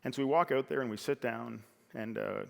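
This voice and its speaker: A man's voice: mid-range voice, brisk, gravelly. A middle-aged man giving a conversational, earnest personal story as a speaker on stage. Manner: earnest, conversational, with fillers and restarts. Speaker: speaker at a talk. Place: large hall on a stage. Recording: reverberant hall.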